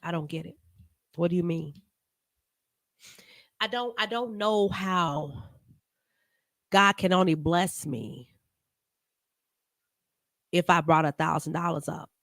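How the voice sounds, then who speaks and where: A woman host chatting on a live stream with a low, gravelly voice, talking slowly and earnestly to her viewers by name. The sound is dry and close, with no room around it. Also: fairly bright tone, dry recording. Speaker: talk show host. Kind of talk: casual live-stream commentary.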